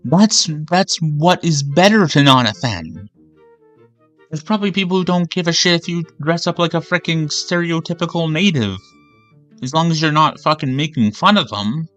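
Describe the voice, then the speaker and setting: A Canadian man streams a game and goes on a rambling, heavily profane rant. His voice is bright and sits a little high for a man. Faint game music plays behind him. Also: animated, moderate pace, lo-fi sound. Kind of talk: ranting commentary over a game.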